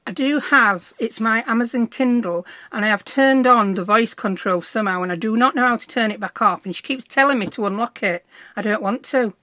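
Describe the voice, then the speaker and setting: A woman's voice: a little high, fairly quick, sharp tone, no echo. A middle-aged woman, chatting through a crafting tutorial in a bubbly, self-deprecating way. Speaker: craft vlogger.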